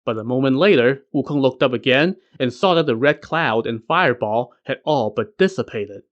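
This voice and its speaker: A man's voice: mid-range voice, animated, normal speed, lo-fi sound. Man narrating old folklore. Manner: storytelling with casual asides. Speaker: podcast host. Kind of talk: scripted story narration.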